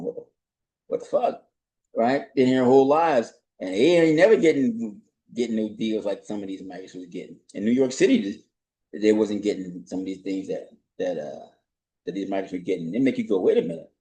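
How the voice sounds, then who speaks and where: Mellow-voiced man in casual political commentary. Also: lowish voice, poor audio. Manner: conversational, asks rhetorical questions and says "right?" a lot.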